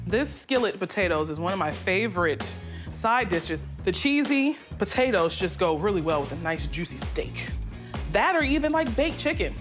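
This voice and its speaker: A woman chef talks steadily through each step of her recipe. A clear music bed plays under her voice. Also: medium pitch, big pitch swings, moderate pace. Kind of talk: cooking demonstration.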